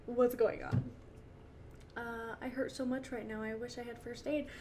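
A woman's voice: fairly high pitch, little pitch movement, moderate pace, warm tone, slight background noise. A young woman commenting on her game as she plays, emotional and laughing often, talking to her characters. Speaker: gaming channel host. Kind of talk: let's-play commentary.

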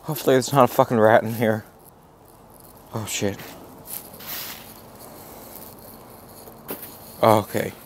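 A man playing a loud, crude, excitable hillbilly vlogger who swings between yelling and muttering. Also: lowish voice, normal speed, a little hiss or hum, close to an everyday voice. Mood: frantic. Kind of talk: comedic character vlog.

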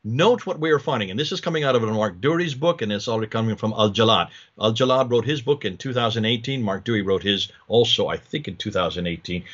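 A man's voice: lowish voice, quick pace, few pauses, a bit bright, lo-fi sound. A man giving a slide lecture, explaining in detail, asking rhetorical questions and restarting his sentences often.

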